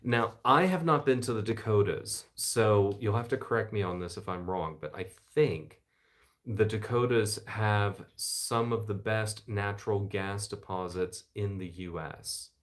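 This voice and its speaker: A middle-aged American man with a low baritone voice, chatting in an easygoing way from his living room. He reads viewer greetings aloud with enthusiastic little asides. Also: unhurried. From United States. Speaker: channel host reading live chat. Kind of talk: casual live-stream chat. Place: home living room by the fireside.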